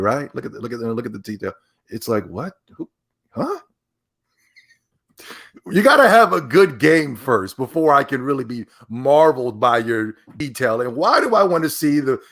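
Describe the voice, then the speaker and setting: A man hosting a podcast, giving emphatic, animated commentary that repeats itself when he gets worked up and often breaks into laughter. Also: medium pitch, breathy edge. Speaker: podcast host. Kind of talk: ranting commentary.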